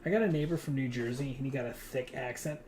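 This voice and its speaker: A man's voice: medium pitch, fast talker, darkish tone, slight background noise. Rambling, swearing man streaming a game. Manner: rambling, swears freely, talks to players and his kid. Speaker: gaming streamer. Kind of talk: casual chat while playing a hunting game.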